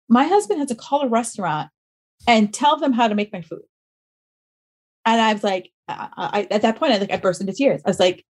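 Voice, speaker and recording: A woman guest on a podcast, telling personal stories in an animated, self-mocking way. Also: on the high side, fairly quick, husky. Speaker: podcast guest, fitness business owner. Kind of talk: casual interview storytelling.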